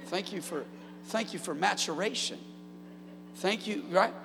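A man in his thirties preaching a sermon in a church, calling out to the congregation and building up to shouts. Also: sits high, measured pace, vocal fry, long reverb tail, music in the background. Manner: call-and-response preaching, rising to shouts. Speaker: pastor. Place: church sanctuary.

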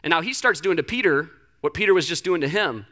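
A pastor preaching in a loose, conversational way, acting out Bible scenes with humor. The voice swings widely in pitch and has a bright, forceful ring. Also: animated, fast talker. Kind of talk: sermon.

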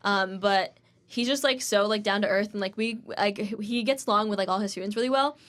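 Fairly quick and fairly bright at medium pitch, this twenty-something podcast co-host chats casually. She rambles through stories, saying "like" constantly and voicing the characters involved.

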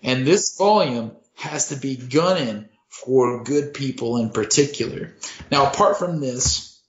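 Comedy podcast host, man, deadpan and crude, roomy lo-fi mic. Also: mid-range voice, a little slow. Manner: deadpan, profane, mock-serious. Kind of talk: casual comedic storytelling.

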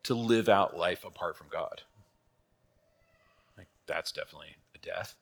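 Casual, low-voiced man teaching catechism. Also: moderate pace, creaky, a bit bright, breathy edge. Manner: casual, rhetorical questions, frequent "right?" and "like"; laughs at his own asides. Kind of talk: conversational church teaching.

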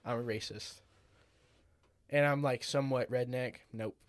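A man's voice: mid-range voice, fairly even intonation, moderate pace, dry recording. A man from the United States in casual podcast chat, rambling and crude, laughing often. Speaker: podcast host.

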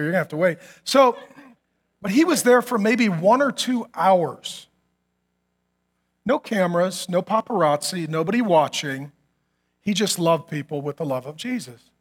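High-voiced man preaching a sermon. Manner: animated storytelling with acted quotes and humor. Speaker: pastor.

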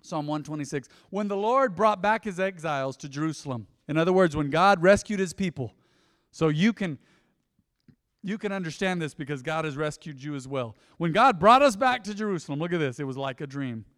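A middle-aged man preaching a lively sermon, swinging between loud exhortation and soft asides. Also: fairly high pitch, fairly quick. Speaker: pastor. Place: church sanctuary. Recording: church hall reverb.

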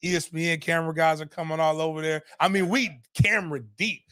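A middle-aged man, telling a story in animated, profane casual talk on a podcast. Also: a little high, fast, hardly any pauses, no echo, studio quality.

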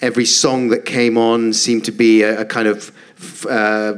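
A man's voice: lowish voice, level tone, normal speed, clear, resonant tone. Self-mocking man telling stories on stage. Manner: self-mocking, laughing, acting out quotes in voices. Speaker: comedian guest. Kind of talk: comic chat on a live podcast. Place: live theatre stage.

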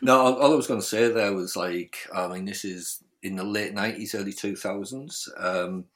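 Man, very deep voice, easygoing storyteller. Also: steady tone, normal speed, fairly bright tone. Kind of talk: casual storytelling.

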